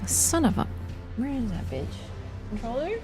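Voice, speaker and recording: A woman's voice: a little high, very animated, normal speed, music in the background. A woman livestreaming a game, chatting casually to her viewers in a rambling, joking way that is full of swearing. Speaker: gaming livestreamer. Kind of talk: casual stream chat.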